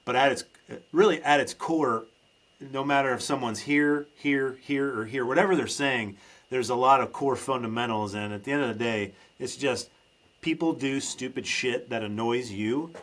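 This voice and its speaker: A man's voice: medium pitch, normal speed, a bit bright. Rambling male podcast host. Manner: rambling, restarts often, emphatic. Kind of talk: casual podcast chat.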